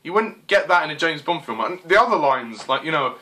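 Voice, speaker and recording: A man's voice: on the high side, big pitch swings, fairly quick, hardly any pauses, sharp tone, a little hiss or hum. A man giving an exasperated, swearing rant as a film reviewer, full of fillers like "you know" and "I mean.".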